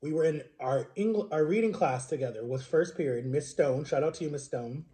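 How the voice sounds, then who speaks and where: A man's voice: fairly high pitch, a little fast, dark tone. Earnest, emotional man telling his story. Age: 30s. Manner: earnest, rambling, often asks "right?". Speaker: vlogger. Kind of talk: personal storytelling to camera.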